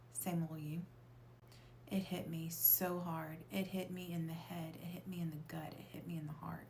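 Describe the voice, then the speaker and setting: A woman telling a personal story in a confessional way, emotional, often dropping into a hushed whisper and swearing for emphasis. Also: lowish voice, gravelly, a little hiss or hum. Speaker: storyteller sharing a personal experience.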